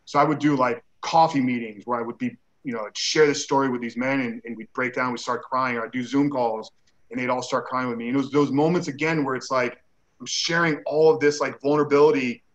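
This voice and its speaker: A man's voice: medium pitch, steady tone, fairly quick, highs cut off. A man who is a guest on an interview show, telling a personal story in a casual way. He acts out the dialogue he quotes and uses many "like" fillers.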